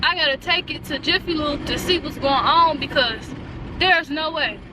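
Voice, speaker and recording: A young woman vlogging in her car, ranting in an animated, exasperated way with lots of slang. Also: sits high, normal speed, far from the mic, background noise. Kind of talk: casual chat.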